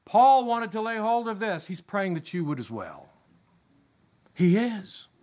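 Male preacher with a high voice, impassioned sermon delivery, building to emphatic peaks. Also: big pitch swings, a little slow, a little mellow. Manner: impassioned, rising to emphatic peaks and dropping low.

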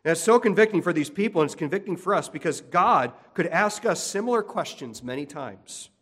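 A man's voice: sits high, lively intonation, a little fast, fairly bright tone, husky. Earnest male preacher in a reverberant hall. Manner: earnest, repetitive emphasis with frequent restarts. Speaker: pastor. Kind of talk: sermon.

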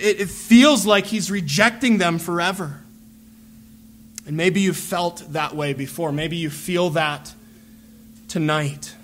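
A man preaching a sermon as a pastor, earnest and deliberate, repeating phrases as he builds a point. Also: high voice, bright, forceful tone.

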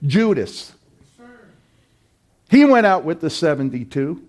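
A man preaching a sermon as pastor, impassioned and emphatic, building to loud repeated cries. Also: mid-range voice, a little slow.

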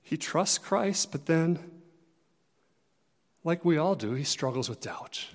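A male pastor with a high voice delivers a sermon with earnest, conversational directness, speaking slowly and expressively. His volume rises and falls for emphasis, and each phrase trails off in the long reverb of a large hall.

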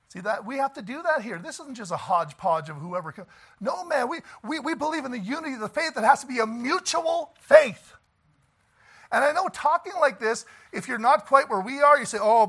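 Man, pastor, high animated voice, folksy emphatic preaching. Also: slightly rough. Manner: emphatic, folksy preaching with frequent laughs and "Amen?". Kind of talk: sermon.

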